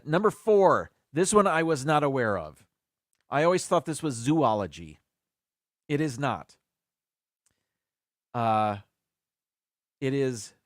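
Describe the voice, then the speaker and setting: Male host, casual and chatty, sounds out each word slowly, dry close sound. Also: on the low side, no room sound. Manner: chatty, repeats and sounds out words carefully. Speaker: live stream host. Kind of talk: casual chat on a live stream.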